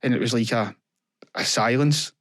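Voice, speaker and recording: A young man with a Scottish accent, a guest in an interview, telling his story in an earnest, halting way and quoting what people said to him. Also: mid-range voice, fairly bright tone, no echo, clean studio sound. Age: young adult. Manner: earnest, halting, retells events with quoted dialogue. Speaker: podcast guest. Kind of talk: candid personal interview.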